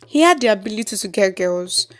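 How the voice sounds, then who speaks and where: A woman's voice: medium pitch, expressive, a little fast, natural voice. Mary, a purring temptress, voiced by a woman. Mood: sultry. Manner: sultry, purring.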